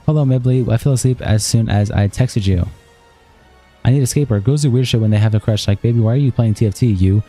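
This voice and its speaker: A man on a live stream, reading a written statement aloud in a rapid, flat way, stumbling and restarting now and then. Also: medium pitch, soft background music.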